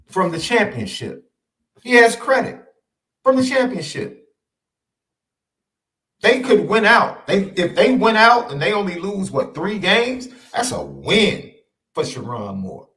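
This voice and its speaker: A man co-hosting a sports podcast in casual chat, emphatic and repeating his points. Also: high voice. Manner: animated, emphatic repetition. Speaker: podcast co-host.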